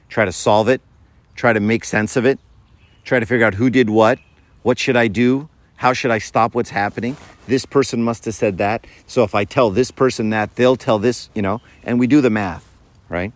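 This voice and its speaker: A man in his fifties gives a conversational, informal faith talk to young people, often checking in with "right?" and acting out little scenes with changed voices. His pitch is fairly low, his pace moderate, and there's no room sound.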